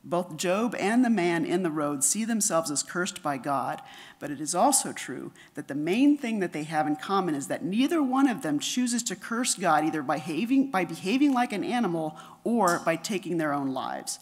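A middle-aged woman giving a conference lecture, reading her paper in a measured way and dropping softer for quotations. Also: fairly low pitch, big pitch swings. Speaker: conference speaker.

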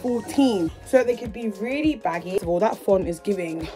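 A woman's voice: medium pitch, expressive, normal speed. Teenage girl, vlogger, chatty and slangy, casual haul talk, light music behind. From England. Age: teens. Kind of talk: casual haul vlog chat. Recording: faint music in the background.

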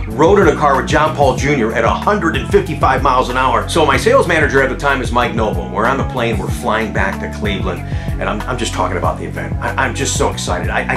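A middle-aged man telling stories about his car sales career in a casual vlog, excited, often laughing and acting out what people said. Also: medium pitch, echoey room. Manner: excitable, laughing, acts out quotes. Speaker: car salesman and channel host.

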